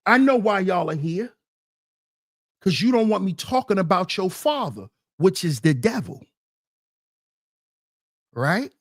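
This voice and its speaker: A man's voice: high-pitched, big pitch swings, a little slow, pauses often, dry recording, clean studio sound. A man hosting a livestream, reading chat comments aloud and answering them in an emphatic, mocking way that repeats phrases.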